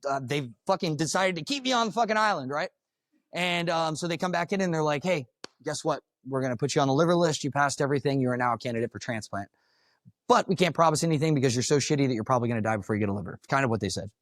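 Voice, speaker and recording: Giving a talk in a conference room, a firefighter from Florida shares his personal story with a live crowd in a mid-range voice. He's casual, blunt and swears freely, and there's no room sound on the recording.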